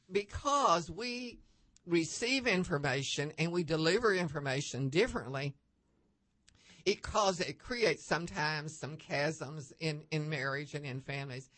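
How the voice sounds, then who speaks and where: A woman guest on a faith-based talk show, telling anecdotes with lively upward leaps in pitch and many restarts. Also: no room sound. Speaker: guest panelist.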